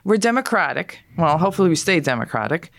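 A woman's voice: on the low side, sing-song, fast, a bit bright, no room sound, clean studio sound. A middle-aged American woman in casual chat, talking in a heated, indignant way with many restarts. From United States.

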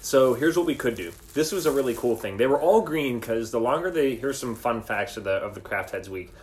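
A man co-hosting a podcast in casual chat, excitable and quick to laugh. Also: medium pitch. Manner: excitable, chatty, laughs easily. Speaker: podcast co-host.

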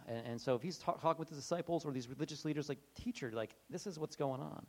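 A man's voice: a little high, quick pace, few pauses, darkish tone. A man preaching a casual sermon in a conversational way, acting out the voices of people he quotes. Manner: conversational, acts out quoted voices, many restarts. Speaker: pastor.

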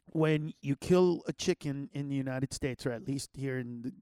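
A man's voice: medium pitch, moderate pace, dark tone, clean tone, no room sound, clean studio sound. A man telling a childhood story in a loose, rambling way, with slang and many restarts. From Los Angeles area. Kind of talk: casual personal storytelling.

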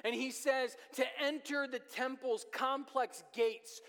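A pastor preaching a sermon, telling a personal story in earnest, with his pace speeding up and slowing down. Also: extremely high pitch, fairly even intonation, fairly bright tone. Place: church sanctuary. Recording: long reverb of a church hall.

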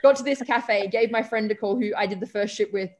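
In a brisk, mid-range voice, a young Australian woman chats through casual stories as an interview guest. A stage performer by trade, she acts out what others said in lively anecdotes, often dropping in "um" and "like".

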